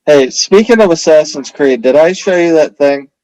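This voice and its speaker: Laid-back podcast co-host, dry mic. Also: male voice, on the high side, animated, normal speed, a little mellow, no room sound, low-quality recording. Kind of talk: casual chat.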